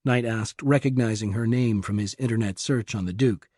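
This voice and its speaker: A man narrates a thriller audiobook at an even, measured pace. His voice is mellow and dark, recorded close and dry with no room around it. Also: mid-range voice, dry recording. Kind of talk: scripted narration.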